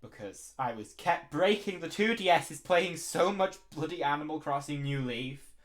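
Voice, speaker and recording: A man's voice: on the high side, animated, moderate pace. A man co-hosting a casual podcast, chatting in an easygoing way. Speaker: podcast co-host. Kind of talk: casual chat.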